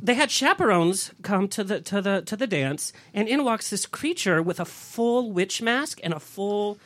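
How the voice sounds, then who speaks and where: A man hosting a casual talk show, chatty and animated, telling stories with laughter. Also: high voice, measured pace, dry recording. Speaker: show host. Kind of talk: casual chat show banter.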